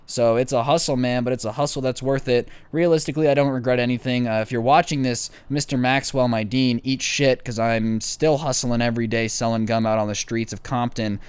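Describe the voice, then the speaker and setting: A man's voice: medium pitch, steady tone, fairly quick, few pauses, clear, resonant tone, dry recording. A young man telling a storytime vlog in a casual, boastful, joking way. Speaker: vlogger.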